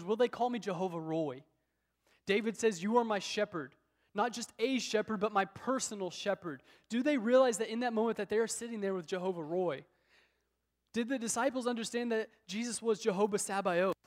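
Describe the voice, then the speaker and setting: A high-pitched male preacher delivers a sermon, telling Bible stories with drama and voicing the people in them. His voice rings out with a long reverb, as if in a large church hall. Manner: dramatic storytelling, acts out biblical speakers.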